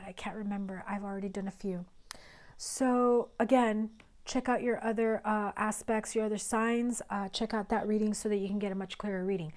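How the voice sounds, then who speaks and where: A woman giving a tarot reading to camera, earnest and direct, her voice strained and rough from illness, sometimes dropping into low mutters. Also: a little mellow. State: recovering voice, coughing. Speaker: tarot reader.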